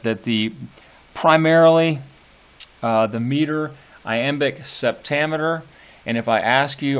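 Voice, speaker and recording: A male teacher lectures on poetry at a slow, measured pace. He pauses often and fills gaps with "uh" and "um". When he reads verse aloud he stretches each word with deliberate care. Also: mid-range voice, a bit bright, dull audio. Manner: unhurried, hesitant with many fillers, reads lines slowly and deliberately.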